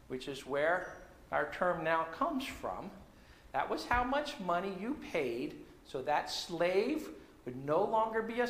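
Animated male preacher in an echoey room. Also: high voice. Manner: animated storytelling, acts out dialogue. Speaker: pastor. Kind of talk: sermon.

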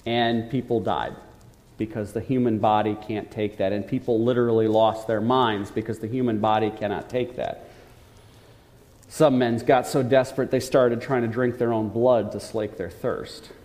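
A man preaching a sermon, telling a story earnestly and slowing down to stress key points. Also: lowish voice, steady tone, darkish tone. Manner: earnest storytelling, slows for emphasis. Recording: long hall reverb.

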